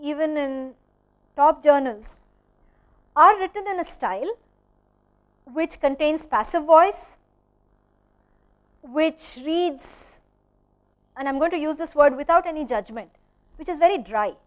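A woman with an Indian English accent speaks in a notably high voice, giving a studio lecture. She answers questions from remote centres in a measured, explanatory manner, leaning on certain words for emphasis. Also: animated. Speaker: workshop lecturer.

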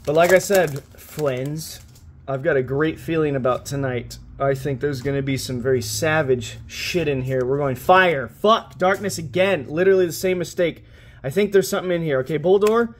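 A man's voice: on the high side, normal speed. A young man hosting a card-opening video, giving swearing, wisecracking commentary as he flips through pack after pack with growing frustration. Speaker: pack-opening channel host.

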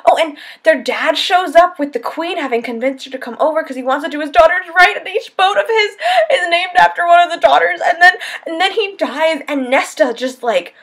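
A woman's voice: high voice, a little fast, few pauses, fairly bright tone. A young woman vlogging about a book she just finished, gushing and breathless, breaking into squeals and near-tears. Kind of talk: excited spoiler-filled book talk. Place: at home, lit by setting sun.

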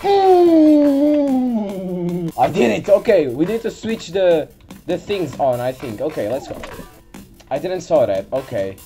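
A woman's voice: low-pitched, lively intonation, normal speed, warm tone. Exasperated woman scolding a game character. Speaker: gaming channel host. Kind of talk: let's play commentary. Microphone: desk mic near keyboard. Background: faint game music.

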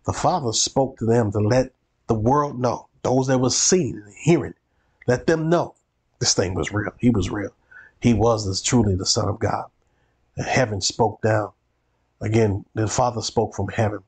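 A man's voice: fairly low pitch, moderate pace, a little mellow, slightly rough. A male pastor teaching a Bible study, preacherly and repeating phrases for emphasis.

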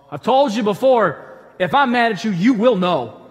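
A pastor delivers a conversational sermon, telling stories with lively humorous asides. His voice sits high for a man. The sound carries a long reverb from the church hall around him. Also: normal speed. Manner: animated storytelling with humorous asides. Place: church auditorium.

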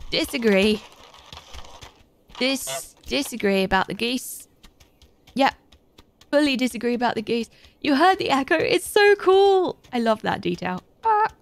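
A British woman streaming a game and talking to her chat, excitable and chatty. Her voice sits a little high and sounds dry and close to the mic. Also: measured pace, long pauses, dry recording. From Britain. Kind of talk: casual gaming commentary.

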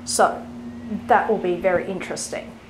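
A woman's voice: fairly low pitch, fairly even intonation, moderate pace, a little hiss or hum, rough recording. A woman from Australia with an educated New South Wales accent, giving a casual talk on literature as a writing teacher, chatty, with many fillers and restarts.

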